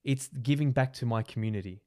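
A man's voice: mid-range voice, brisk, dark tone. A middle-aged Australian man, a company boss, talking earnestly and motivationally as a podcast guest, often repeating words for emphasis. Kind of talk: casual podcast conversation. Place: podcast studio.

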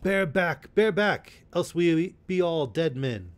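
A blustering sheriff with a commanding manner, shouting his orders high and hard, as a man reading a storybook aloud puts him on. He is a loud, officious lawman giving orders to his men. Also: expressive, moderate pace, natural voice. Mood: angry. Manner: bellowing orders, raised pitch.

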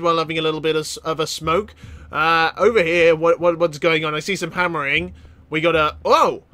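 Man, gaming channel host, high voice, sharp and bright tone, excitable commentary, quick laughs and loud exclamations, faint game music behind. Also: dry recording.

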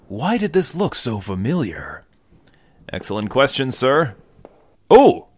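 A man's voice: medium pitch, fairly bright tone, no room sound. A young man hosting a game video, chatting and joking to viewers while he plays on a desk mic. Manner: chatty, jokey, addresses viewers as folks. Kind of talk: casual gameplay commentary.

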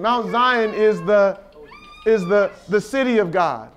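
A man's voice: high-pitched, sing-song, slow, pauses often. A man leading a Bible study at a retreat, preaching informally with rhetorical questions and playful asides.

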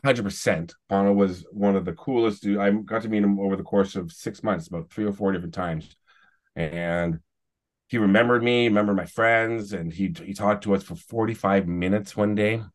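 Low-voiced man telling stories. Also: moderate pace. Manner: rambling storyteller, restarts, chuckling asides. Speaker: podcast guest, celebrity YouTuber. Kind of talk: casual podcast chat.

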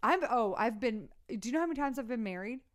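A woman's voice: on the high side, lively intonation, quick pace, natural voice. A woman voicing a scatterbrained, oblivious woman who rambles and stammers through a phone chat. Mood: rambling.

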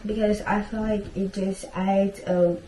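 A woman's voice: medium pitch, level tone, unhurried, noisy background. Chatty teen girl rambling at home. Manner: frustrated venting. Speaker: vlogger. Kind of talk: casual vlog chat. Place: home, bedroom and bathroom. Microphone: camera mic.

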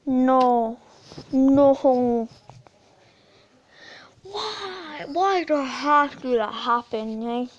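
A woman giving excitable, frustrated live commentary on her gameplay, often yelling at opponents. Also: sits high, very slow, pauses often, highs cut off. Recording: voice over game music.

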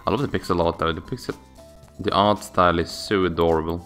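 A man's voice: sits low, fairly even intonation, fast talker, fairly bright tone, soft background music. A man hosting a let's play, chatting casually and searching for words as he plays. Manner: rambling, searching for words with fillers. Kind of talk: casual gameplay commentary.

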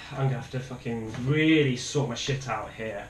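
A man's voice: medium pitch, normal speed, heavy background noise. A young man panicking and swearing while commentating a horror game, yelping and repeating himself in fear. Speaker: gaming YouTuber. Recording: echoey room with faint ambience.

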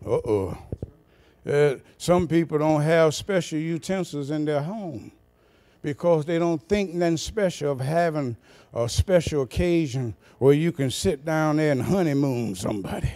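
A man preaching a sermon as pastor, folksy and chuckling, rising into shouted, sing-song cadences. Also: fairly high pitch, unhurried.

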